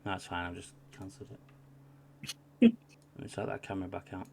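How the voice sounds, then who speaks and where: A male co-host of a wrestling podcast, chatty and reassuring in a relaxed way. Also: deep voice, fairly quick, vocal fry, husky.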